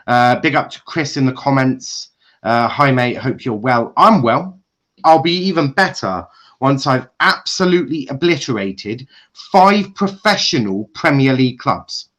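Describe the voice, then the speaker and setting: A man ranting furiously on a football livestream, swearing and shouting at club owners. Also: mid-range voice. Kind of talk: angry fan rant on a livestream.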